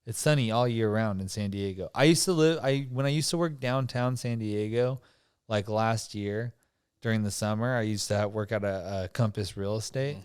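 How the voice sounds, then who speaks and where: A man's voice: lowish voice, normal speed, darkish tone, clean tone, no echo, clean studio sound. A young man hosting a casual podcast chat, rambling with lots of fillers, swearing and laughing easily. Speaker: podcast host.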